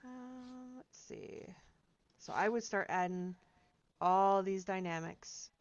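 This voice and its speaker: A woman's voice: mid-range voice, slow pace, muffled recording. A woman piano teacher giving chatty, encouraging feedback to students in a seminar, singing out rhythms as she explains.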